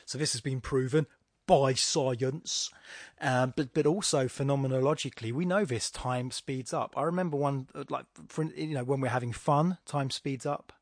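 Male podcaster, mid pitch, rambling and self-mocking, dry close sound. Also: brisk, hardly any pauses, no echo. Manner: rambling, self-deprecating, many restarts and asides. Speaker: podcast host. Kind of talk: casual solo podcast talk on poetry and philosophy.

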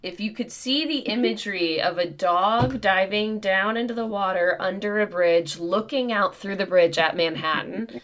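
A woman in her thirties co-hosting a podcast, telling a comic story in an animated, profane way. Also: mid-range voice, moderate pace, hardly any pauses. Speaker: podcast co-host. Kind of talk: casual storytelling chat.

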